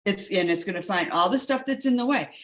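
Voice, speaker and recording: A woman's voice: mid-range voice, animated, a little fast, a bit bright. A woman wellness coach talking emphatically and repeating key words for stress. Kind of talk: enthusiastic wellness talk.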